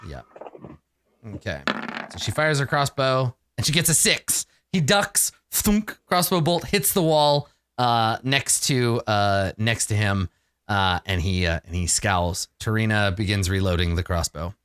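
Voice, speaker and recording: Male game master, animated pitch, dry close mic, chatty and quick to laugh. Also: clean tone, dry recording. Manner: lively, laughing, filler-heavy narration. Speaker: dungeon master. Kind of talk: narrating a tabletop game.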